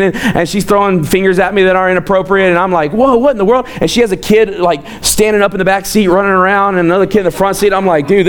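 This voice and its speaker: A young adult man preaching a casual sermon, telling stories and acting out the voices of people in them. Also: high voice. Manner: animated storytelling, acts out quoted voices, chuckles often. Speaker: pastor.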